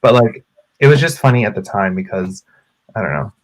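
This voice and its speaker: A man with a lowish voice chats on a casual podcast, telling a personal story with plenty of drama. He slips into quick acted-out quotes and gets loud and expressive as he goes. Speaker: podcast co-host.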